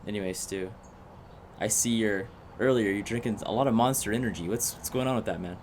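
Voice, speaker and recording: A man's voice: lowish voice, a little fast, darkish tone, a little hiss or hum. A young man co-hosting a casual podcast, chiming in with dry teasing remarks. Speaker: podcast co-host. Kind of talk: casual chat.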